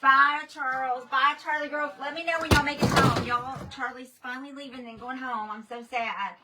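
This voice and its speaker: A woman's voice: high voice, fairly even intonation, moderate pace. A woman chatting casually on a livestream, greeting viewers by name. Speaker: livestream host. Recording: distant from the mic, faint noise.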